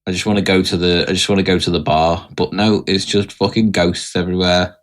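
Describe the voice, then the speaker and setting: A man's voice: low-pitched, steady tone, a little fast. A man in casual podcast chat, joking and laughing at his own jokes.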